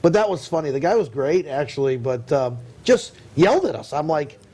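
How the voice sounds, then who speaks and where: A man with a fairly high voice hosts a relaxed talk show. He tells stories with energy and acts out the people he quotes. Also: moderate pace, breathy edge. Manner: animated storyteller, acts out quotes. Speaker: host. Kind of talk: casual chat.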